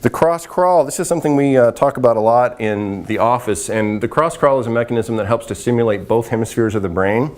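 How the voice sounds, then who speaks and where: Male instructor, casual and chatty, medium pitch, jokes at his own mistakes while demonstrating. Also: brisk, few pauses. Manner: chatty, laughs at himself. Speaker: vision exercise instructor.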